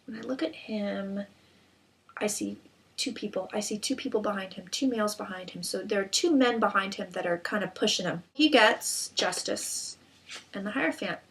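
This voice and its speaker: A woman's voice: on the high side, a bit bright. A woman reading tarot cards in a casual monologue, blunt and irreverent, with frequent fillers and restarts. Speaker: psychic tarot reader.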